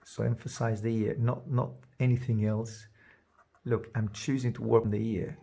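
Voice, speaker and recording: A man giving a drawing lesson, thinking aloud as he works and trailing off into soft murmurs. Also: on the low side, flat delivery, normal speed, creaky. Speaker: art teacher. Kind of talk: drawing demonstration.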